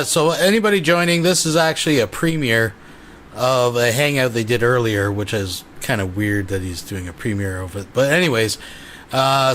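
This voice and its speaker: A man with a mid-pitched voice introduces a replayed stream, dry and sarcastic in an offhand way. A faint hiss sits under his voice. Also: fairly bright tone. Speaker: commentary channel host. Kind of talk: commentary over a replayed stream.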